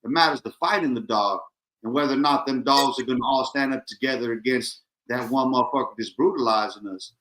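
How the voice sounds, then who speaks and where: A man's voice: mid-range voice, brisk, fairly bright tone, rough recording. A man in his late forties co-hosting a casual chat, speaking in a laid-back, streetwise, profane way. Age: 40s. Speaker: podcast co-host.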